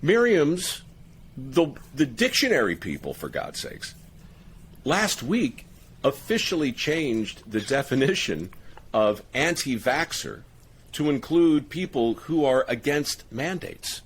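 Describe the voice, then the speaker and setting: A man's voice: medium pitch, big pitch swings, slow, slight background noise. A man hosting a podcast, talking emphatically and laughing often in casual conversation. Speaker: podcast host.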